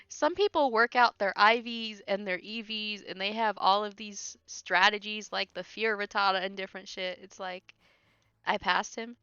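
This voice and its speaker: A woman's voice: mid-range voice, normal speed, bright, forceful tone, clean tone, no echo. A woman streamer giving casual gameplay commentary, laughing often and making sarcastic, teasing remarks. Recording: dull lo-fi stream audio with faint game music.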